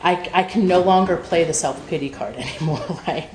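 A woman's voice: deep voice, fairly quick, a crowd in the background. A woman telling a personal recovery story at a meeting, candid and emotional, swearing freely and full of fillers. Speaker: speaker sharing at a recovery meeting. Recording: echoey room with noise.

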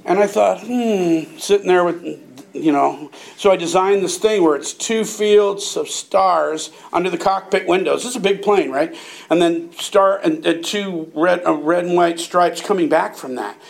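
A man's voice: sits high, measured pace, vocal fry. An older man telling a rambling, profane story in casual chat, often laughing as he talks. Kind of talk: casual anecdote.

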